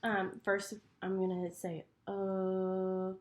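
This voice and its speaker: Speaking at a moderate pace in a mid-range voice, a woman acts as a clinician giving step-by-step instructions for a speech exam. She stays encouraging and patient throughout.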